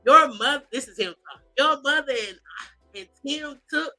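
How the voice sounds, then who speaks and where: A high, bright woman's voice, reading celebrity posts aloud and reacting with sass. She swings into mock wails and drawled asides as she comments. Faint music plays under her voice. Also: moderate pace, poor audio. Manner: animated, sassy, mock-crying, drawling asides. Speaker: commentary host.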